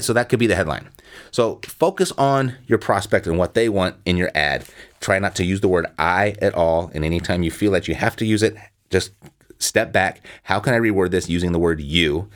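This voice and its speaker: Man with a lowish voice, blunt and emphatic real estate coach hammering home his points. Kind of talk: instructional talk.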